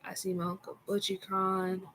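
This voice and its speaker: A woman telling a personal story in a casual vlog, in a soft, halting way with frequent fillers. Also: mid-range voice, completely flat delivery, slight background noise, poor audio. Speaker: vlogger.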